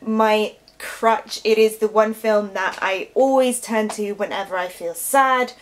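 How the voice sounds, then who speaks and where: A woman's voice: mid-range voice, steady tone, measured pace. A woman hosting a film review vlog, gushing and enthusiastic as she talks.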